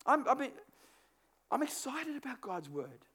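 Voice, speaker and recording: High-voiced animated male preacher. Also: a little slow, slightly rough. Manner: animated, acts out inner thoughts, repeats words. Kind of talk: sermon.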